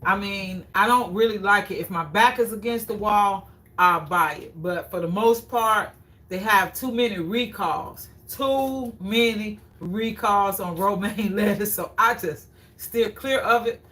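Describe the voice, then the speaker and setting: Speaking at a measured pace in a fairly bright, mid-range voice, this cooking show host runs a live demo in her home kitchen. She chats with her audience and says things twice to drive them home. The mic sits at a distance, so the sound is spacious and roomy.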